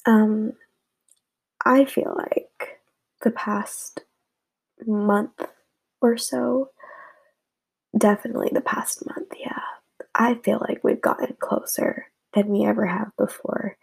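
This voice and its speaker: Young woman, tearful heartfelt vlog message, halting half-whispered delivery; slow, breathy. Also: mid-range voice, flat delivery, a little mellow, rough recording. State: tearful, close to crying. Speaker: vlogger addressing friends. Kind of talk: heartfelt casual message to friends.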